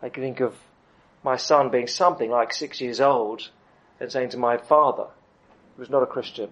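Man, middle-aged, preaching; emphatic, pauses for effect, mid-pitched. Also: steady tone, a bit bright, muffled recording. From United Kingdom. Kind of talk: sermon.

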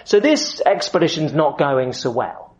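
A man preaching through a Bible passage, with quick asides and acted-out voices. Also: fairly high pitch, expressive. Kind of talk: expository sermon with Bible reading. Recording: dull lo-fi sound.

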